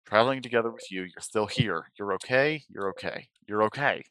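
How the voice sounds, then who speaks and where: A man streaming a game, reading its narration aloud expressively, swinging from hushed to sudden loud. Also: fairly low pitch, brisk, clean tone, no room sound.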